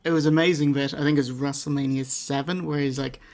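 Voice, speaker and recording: Irish podcast host reading listener questions. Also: male voice, mid-range voice, fairly even intonation, quick pace, a little mellow. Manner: casual, joking, swears.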